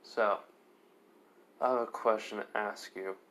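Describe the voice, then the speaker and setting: A smug young devil speaks slowly and calmly, with cold, dry mockery, as a man voices him in his own low register while telling a fan story. He is young, unbothered and sure of his power. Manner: calm, mocking and dry. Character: cool cocky young male devil, icy and unbothered.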